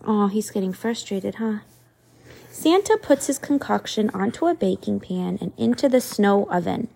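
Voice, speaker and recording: Gravelly, animated woman reading a storybook. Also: medium pitch, moderate pace. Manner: expressive, asks the kids questions. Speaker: parent reading to children.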